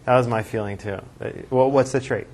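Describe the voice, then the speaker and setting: A rabbi teaching a classroom lecture, thinking aloud and reading verses aloud with emphasis, with class discussion. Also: male voice, mid-range voice, steady tone, fairly quick, darkish tone, a little hiss or hum.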